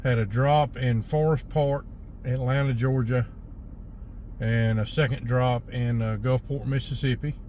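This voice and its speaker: A man's voice: medium pitch, steady tone, measured pace, darkish tone, slight background noise. A man, a hotshot truck driver talking casually to camera from his truck by the roadside, in a laid-back drawl that thinks aloud with plenty of fillers.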